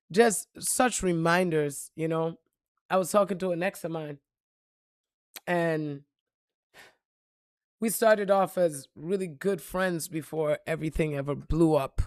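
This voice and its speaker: A woman vlogger giving a casual motivational talk to her followers, blunt and profane, swinging from loud punchy bursts to soft reflective moments. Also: lowish voice, measured pace, pauses often, no echo, clean studio sound. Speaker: spiritual reader and motivational vlogger.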